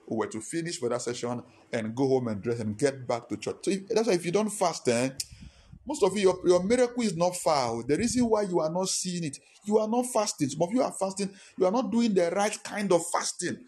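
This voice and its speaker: Husky-voiced preaching man. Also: sits high, lively intonation, a little fast, a little mellow. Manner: impassioned preaching, rising to emphatic rhetorical questions. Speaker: pastor. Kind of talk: sermon.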